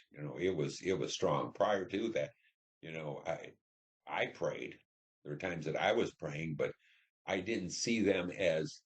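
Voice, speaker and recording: Deep-voiced older man recounting war memories. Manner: vivid storytelling, acts out radio dialogue. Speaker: Vietnam veteran interviewee. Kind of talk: oral history interview.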